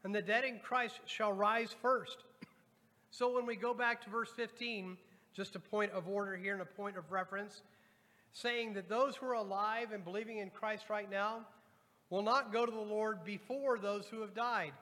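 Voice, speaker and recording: A man's voice: sits high, fairly even intonation, normal speed, sharp tone. A pastor preaching a sermon to his congregation, reading scripture aloud and addressing the people directly. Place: church sanctuary. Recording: long hall reverb.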